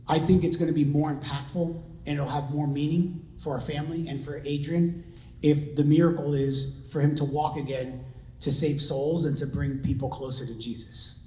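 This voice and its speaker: A man's voice: medium pitch, warm tone. A middle-aged man giving a personal testimony to an audience, earnest and conversational, with many fillers and restarts. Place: large room with an audience. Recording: echoey room.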